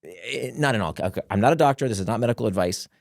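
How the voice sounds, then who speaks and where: Animated man with a dry close sound. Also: lowish voice, fast, creaky, no echo. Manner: animated, laughs between points. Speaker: guest author. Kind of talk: conversational explaining.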